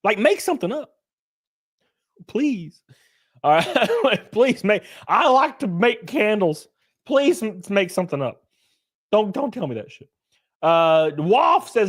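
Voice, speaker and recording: A young man hosting a casual livestream, ranting with heavy swearing. His voice sits high and leaps around in pitch, dropping to mumbled asides between loud bursts. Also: big pitch swings, takes it slowly, pauses often. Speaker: streamer.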